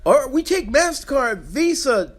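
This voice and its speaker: A man doing a mocking impression of a greedy male TV preacher, pleading slowly in a strained, high, sing-song voice. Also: sing-song, exaggerated voice. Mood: wheedling. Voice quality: high, strained falsetto-like timbre.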